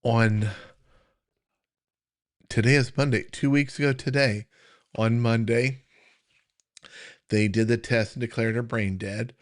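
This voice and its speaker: A man's voice: medium pitch, steady tone, takes it slowly, pauses often. A middle-aged American man hosting a live Q&A stream as a health coach, talking earnestly in a loose, conversational way with many fillers and restarts, and struggling to hold back emotion. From United States. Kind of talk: casual live-stream chat.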